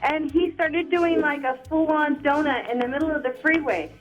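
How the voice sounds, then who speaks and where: A woman calling in to a radio show, telling stories in an animated, exclamatory way. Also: sits high, normal speed, faint music behind, rough recording. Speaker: caller. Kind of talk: casual phone chat on radio.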